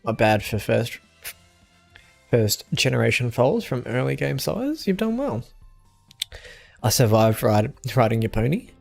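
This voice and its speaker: Man, young adult, gravelly voice, mid-pitched, relaxed chatty streamer, soft game music behind. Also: a little slow. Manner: relaxed, chatty, answers chat with small laughs. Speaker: gaming streamer. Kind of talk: casual game stream chat.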